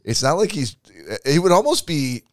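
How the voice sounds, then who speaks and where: A man's voice: fairly high pitch, sing-song, moderate pace, no room sound, clean studio sound. A middle-aged man, a podcast co-host, talking casually in a rambling, self-interrupting, reflective way. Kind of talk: casual chat.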